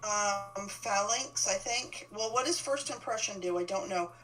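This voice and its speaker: A woman's voice: mid-range voice, measured pace, fairly bright tone, distant mic, soft background music, rough recording. A woman co-playing on a game stream, talking casually with many hesitations and restarts. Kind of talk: casual gaming chat.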